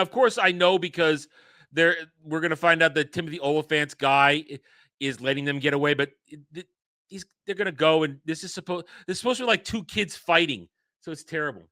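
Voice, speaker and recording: High, sharp-voiced ranting male reviewer. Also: no echo. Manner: ranting, exasperated and sarcastic. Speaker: show reviewer. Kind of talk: casual commentary over an episode.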